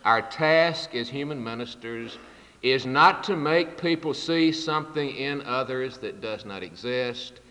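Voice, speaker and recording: Earnest preacher in a reverberant hall. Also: male voice, mid-range voice, sharp tone. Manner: measured and earnest, with rhetorical repetition. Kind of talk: sermon.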